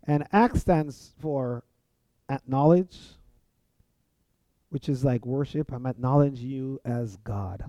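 A man's voice: a little high, mellow, no echo. A man teaching a sermon-style lesson on prayer, earnest, acting out sample prayers as he goes. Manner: earnest, speaks example prayers aloud. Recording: dull, lo-fi sound.

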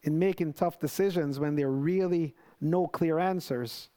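A man preaching a sermon in an earnest, conversational way, with many restarts and lively quoted prayers. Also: on the high side, moderate pace.

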